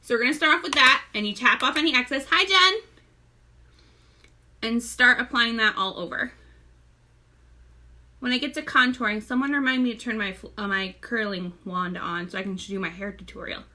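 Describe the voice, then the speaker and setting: A young pregnant woman who sells makeup hosts a casual live tutorial, chatting, greeting viewers by name and often running short of breath. Her fairly high voice sounds pushed and bright, moving at a moderate pace with frequent pauses.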